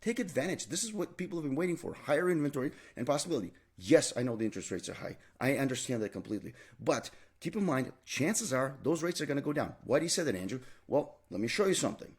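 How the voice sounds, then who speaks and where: A man's voice: mid-range voice, animated, fast, hardly any pauses, slightly rough. A man giving a real estate market update as a realtor, emphatic and repeating his key points, with frequent fillers. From Canada.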